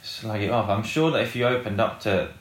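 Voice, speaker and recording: Low-voiced guitarist, rambling. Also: male voice, fairly quick. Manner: rambling, heavy on fillers and swearing. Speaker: guest, rock band guitarist. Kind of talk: casual interview chat. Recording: roomy echoey room.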